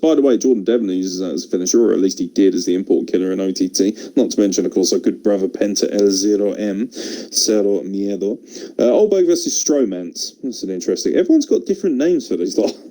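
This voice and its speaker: A man's voice: on the low side, sing-song, fast talker, dark tone, rough recording. A man hosting a wrestling podcast, reading out listener messages in casual, laughing, swearing banter. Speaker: podcast host.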